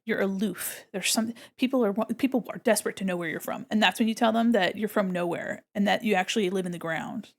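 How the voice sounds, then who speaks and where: A woman's voice: mid-range voice, fast, few pauses. An American woman streamer and illustrator, chatting casually and bubbly with her viewers while she draws. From United States. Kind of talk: casual live-stream chat while drawing.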